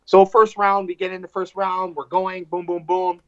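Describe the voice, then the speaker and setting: Guy fighter telling his fight story, cussing, slightly high voice, dull dry podcast audio. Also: moderate pace, no room sound. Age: adult with wife and two kids. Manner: animated, profane, acts out quotes. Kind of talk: casual storytelling.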